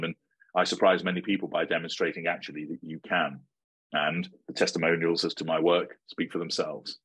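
Brief: middle-aged man, low husky voice, firm and lecturing in interview. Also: a bit bright. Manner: measured, assertive, lecturing. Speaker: interviewee giving advice. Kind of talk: interview answers.

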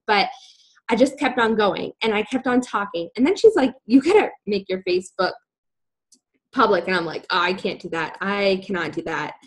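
A young woman casually telling a personal story, animated, acting out her own past words. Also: mid-range voice, rough recording.

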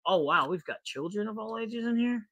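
A man's voice: high-pitched, animated, moderate pace, bright, forceful tone, no echo. A man co-hosting a casual live podcast, upbeat and chatty, greeting viewers by name and laughing easily. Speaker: podcast co-host.

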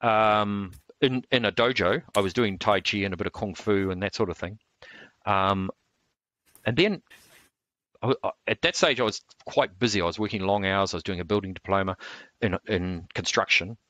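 Low-voiced New man in his sixties. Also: moderate pace, bright, forceful tone, no room sound. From New Zealand. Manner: rambling, frequent fillers and restarts. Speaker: martial arts instructor. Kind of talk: relaxed storytelling interview.

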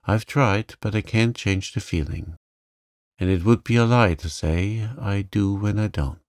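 A man's voice: on the low side, unhurried, dry recording, clean studio sound, lightly acted. A man reading an earnest young woman. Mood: pleading. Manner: pleading, gentle. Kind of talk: audiobook character reading.

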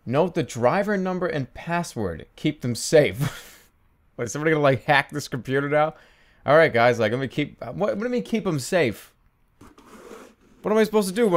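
Guy doing let's play commentary, kinda high voice bouncing all over, sarcastic and annoyed, cusses a lot. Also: animated, normal speed. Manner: exasperated, sarcastic, swears and laughs often. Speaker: gaming commentator.

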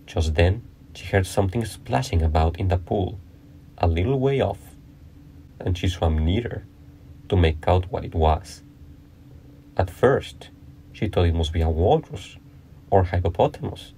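A man reading a classic children's book aloud as narrator, in a measured, unhurried way. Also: low voice, lively intonation, warm tone, slight background noise. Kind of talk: storybook read-aloud.

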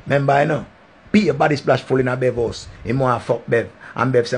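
A man's voice: medium pitch, a little fast, slightly rough. A man with a Jamaican accent telling a crude, rambling story in heavy patois, full of swearing. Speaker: vlogger.

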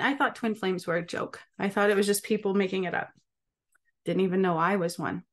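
A woman with a mid-range, fairly even voice speaks briskly and casually to camera as a spiritual healer and channel host. She's emphatic and keeps checking in with her listeners through rhetorical questions.

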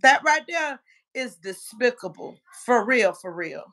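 A woman hosting a casual livestream, reading chat comments aloud in a brash, profane way and often shouting. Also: a little high, lively intonation, unhurried.

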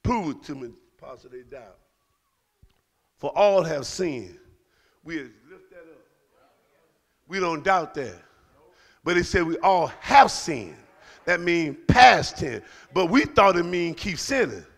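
A middle-aged man preaching a sermon to his congregation, building into shouted calls to the church. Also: on the high side, very animated, takes it slowly, pauses often. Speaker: pastor. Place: church sanctuary.

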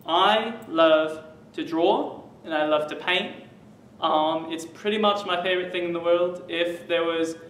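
A man's voice: on the high side, a bit bright, echoey room, distant mic, slight background noise. A young man faking a muddled British-Australian accent. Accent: fake British-Australian mix. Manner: listing facts with many ums and pauses, boastful.

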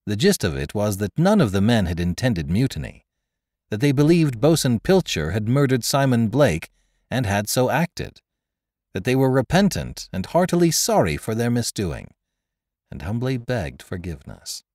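A man reading an adventure story aloud as narrator, with expressive, dramatic delivery. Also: medium pitch, moderate pace, no room sound, studio quality. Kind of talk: scripted narration.

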